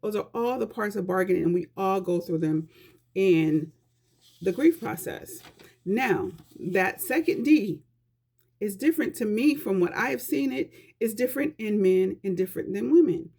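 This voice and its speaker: A woman speaks straight to her viewers in a casual vlog. Her talk is earnest and conversational, and she gives life advice. Her voice has a gravelly edge of vocal fry. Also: mid-range voice, animated, moderate pace, dark tone. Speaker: vlogger giving life advice.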